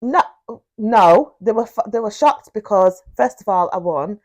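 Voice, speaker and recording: A woman's voice: medium pitch, animated, measured pace. Giggly Manchester woman co-host. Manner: giggly, playful storytelling. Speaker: podcast co-host. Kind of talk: casual chat.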